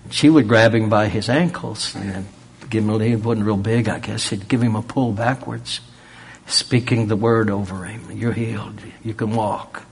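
Husky preacher asking rhetorical questions. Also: male voice, fairly low pitch, moderate pace. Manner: rhetorical questions, swings from loud emphasis to near-whisper. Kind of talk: sermon.

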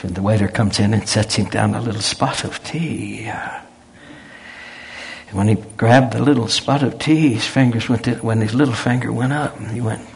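A man's voice: on the low side, fairly even intonation, moderate pace, creaky, darkish tone, slight background noise. A male preacher delivering a folksy sermon, telling stories in a conversational way and pressing his points home. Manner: folksy, conversational, rising to emphatic. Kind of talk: sermon with storytelling.

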